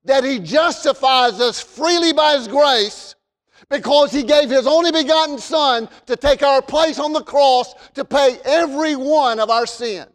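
High-voiced man preaching slowly in a hall. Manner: emphatic, repeats phrases, rises to shouts. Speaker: pastor. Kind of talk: sermon. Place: church sanctuary. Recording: long reverb of a large hall.

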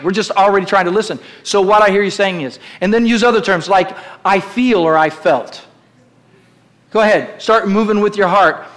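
A middle-aged man serves as pastor here, preaching a sermon in church with emphasis and directness and asking the congregation to echo phrases back. His voice sits high and sounds a bit bright.

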